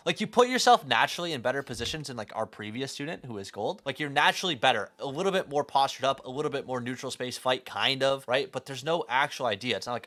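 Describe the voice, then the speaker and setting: A man's voice: mid-range voice, very animated, fast, fairly bright tone. A young man giving blunt, profane, teasing critique as he coaches a player over a live stream. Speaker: game coach.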